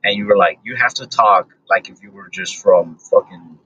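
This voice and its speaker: Laid-back comedian guest, low-ish monotone voice, filler-heavy, slightly dull lo-fi audio. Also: male voice, normal speed, slight background noise. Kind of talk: casual podcast chat. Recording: dull lo-fi recording.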